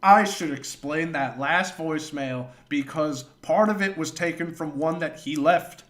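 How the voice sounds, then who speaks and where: A man with a slightly high voice tells a long, rambling story on his livestream. He swears freely and breaks off to thank viewers for donations. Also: unhurried, fairly bright tone, a little hiss or hum. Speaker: streamer.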